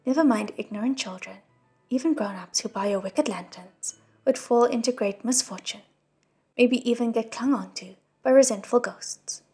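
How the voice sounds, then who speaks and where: A woman's voice: fairly high pitch, normal speed, a little mellow, breathy edge, faint music behind. A woman voicing an earnest, kind young male crown prince in a storybook reading, solemn and admonishing.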